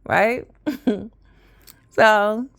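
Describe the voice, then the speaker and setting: A woman's voice: medium pitch, fairly even intonation, very slow, gravelly. A woman in her fifties telling stories in a casual, rambling monologue, often trailing off with fillers. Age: 50s. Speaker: vlogger.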